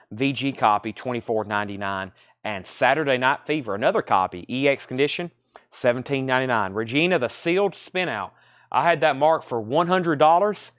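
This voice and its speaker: A man hosts a live-streamed record sale and reels off albums, conditions and prices in a steady, practiced patter. His voice sits at an ordinary middle pitch and sounds worn out and a little breathless. It is recorded close up and dry, with no room sound. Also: dry recording. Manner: rattles off titles, grades and prices in a steady patter. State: tired, out of breath.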